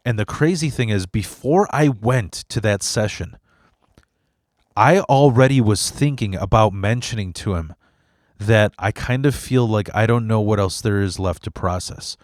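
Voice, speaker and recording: A man with a lowish voice speaks in a candid personal monologue, open about his feelings and loose with swearing. He often stops and restarts mid-sentence. The sound is dry and close, with no room echo. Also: a little slow, darkish tone. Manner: emotional and profane, with frequent restarts. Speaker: podcast host.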